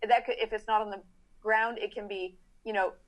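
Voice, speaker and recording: Animated woman horse trainer explaining. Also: medium pitch. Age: middle-aged. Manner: animated, acts out riders' thoughts in quick asides. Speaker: horse trainer, podcast guest. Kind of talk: casual explanatory chat.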